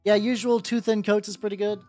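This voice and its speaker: A man streaming while he paints miniatures, chatting casually with viewers in an animated, rambling way and repeating his greetings. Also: sits high, brisk. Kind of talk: casual livestream chat. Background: faint background music.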